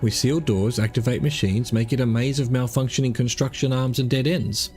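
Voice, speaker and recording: A man's voice: medium pitch, steady tone, fairly quick, darkish tone, faint music behind, close to an everyday voice. A man reading as a shy salvager. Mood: earnest. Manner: hesitant then earnest. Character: shy young male salvager.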